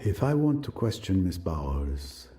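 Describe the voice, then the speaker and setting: Game role: a fastidious older Belgian detective, deep voice with a lively, swinging delivery, polite and formal. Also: male voice, over music. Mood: courteous. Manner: formal, courteous, measured. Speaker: detective questioning suspects. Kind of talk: video game voice acting.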